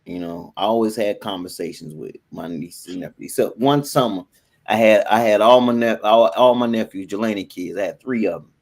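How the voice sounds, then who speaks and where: A man on a talk show, casually telling a family story with animated laughter. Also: on the low side, moderate pace.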